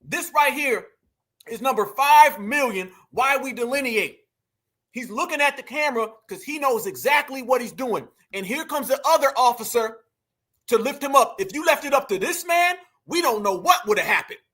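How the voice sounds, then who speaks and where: A man's voice: very high voice, expressive, moderate pace, bright, forceful tone. A man hosting a commentary show, reacting to video clips and talking emphatically straight to his viewers. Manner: emphatic, repeats phrases, addresses viewers as family. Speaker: commentary channel host.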